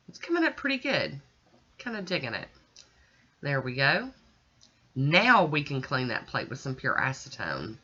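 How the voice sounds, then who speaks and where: A woman's voice: very deep voice, pushed and bright. A woman vlogger chatting casually through a nail art tutorial and talking straight to her viewers in a folksy, homey way. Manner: chatty, folksy, talks to viewers while working. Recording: dull lo-fi recording.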